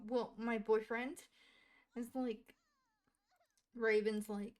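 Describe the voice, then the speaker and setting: A woman giving casual gameplay commentary, chatty and easily excited, retelling the characters' drama with lots of "she's like" asides. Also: on the high side, takes it slowly, long pauses. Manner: easily excited, gasping and laughing at surprises. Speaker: gaming streamer.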